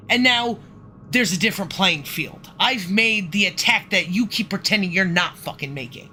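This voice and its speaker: In another casual livestream, the host sounds animated, his medium-pitched voice pushed and bright at a moderate pace. He's frustrated and profane, cursing a lot and abandoning sentences to start over, with slight background noise.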